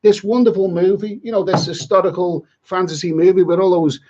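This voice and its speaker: A man's voice: high voice, fairly even intonation, brisk, darkish tone, dull audio. A middle-aged man on a livestream, chatty and exasperated, rambling with many repeats and asides. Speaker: travel vlogger on a livestream.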